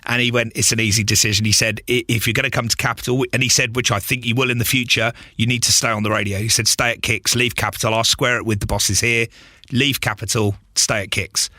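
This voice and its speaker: A man's voice: medium pitch, fairly even intonation, fast talker, pushed and bright, dry recording, clean studio sound. A man, a radio presenter, telling stories in a casual interview, acting out quotes and laughing often. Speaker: radio presenter, podcast guest.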